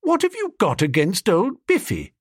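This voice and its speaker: A man voicing an impulsive young gentleman who talks in a chummy, excitable way. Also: on the high side, normal speed, slightly rough, no echo, studio quality, pitched above the performer's own voice, heavily acted. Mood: breezy.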